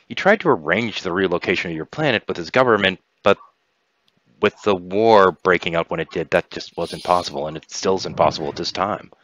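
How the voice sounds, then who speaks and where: Man, game master, animated storyteller. Very low voice; dull, dry lo-fi mic. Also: dry recording. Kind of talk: narrating a tabletop game.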